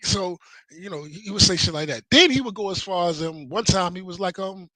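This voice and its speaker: A man's voice: high-pitched, quick pace, bright, forceful tone, no echo, poor audio. A man telling long, rambling stories in casual, profane chat, with many fillers and restarts. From Virginia, US. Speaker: show co-host.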